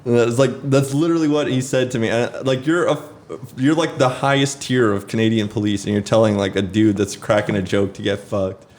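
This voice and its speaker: A man's voice: mid-range voice, fairly even intonation, brisk, darkish tone. A man telling a rambling story on a casual podcast, cursing and using lots of fillers. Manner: rambling, swears a lot, many fillers. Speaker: podcast host.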